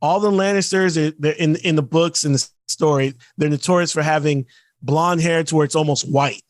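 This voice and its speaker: A man co-hosting a podcast, ranting in casual chat and mimicking actors in quick asides. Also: fairly high pitch, steady tone, no room sound. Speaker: podcast co-host.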